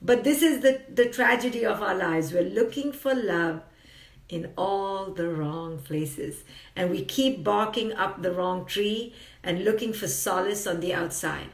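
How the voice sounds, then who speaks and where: A woman's voice: mid-range voice, normal speed, gravelly, echoey room, recorded from a distance. A woman psychologist giving an earnest, emphatic motivational talk on a live stream, repeating phrases for effect.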